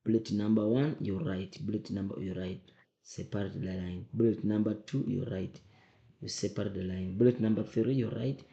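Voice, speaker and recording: A man's voice: fairly low pitch, steady tone, normal speed, creaky, dark tone, dull audio. A man, a teacher talking students through an exam memo, emphatic, repeating his points and firing rhetorical questions at them. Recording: roomy echo.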